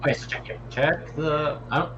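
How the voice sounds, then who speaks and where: A man's voice: fairly high pitch, moderate pace, fairly bright tone, muffled recording, slight background noise. A man co-hosting a game stream, dropping wry side remarks. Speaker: stream co-host. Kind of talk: casual gameplay commentary.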